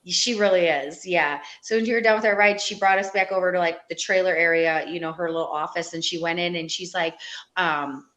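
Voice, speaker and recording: A woman telling a story in a casual podcast chat, animated and laughing as she acts out what people said. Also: on the low side, brisk.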